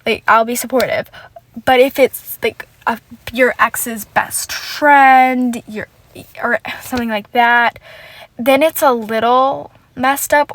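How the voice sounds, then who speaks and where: Woman, solo podcast host, casual rant, swearing, lots of "like", rambling, fairly high voice. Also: a bit bright, poor audio. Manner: rambling, profane, heavy filler "like".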